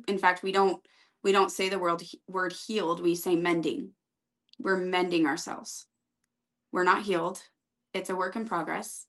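A woman guest on a podcast, speaking in an earnest, steady, reflective way. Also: on the low side. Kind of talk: casual interview chat.

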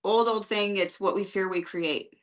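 A woman guest on a podcast, speaking in an earnest, steady, reflective way. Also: mid-range voice, normal speed. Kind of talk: casual interview chat.

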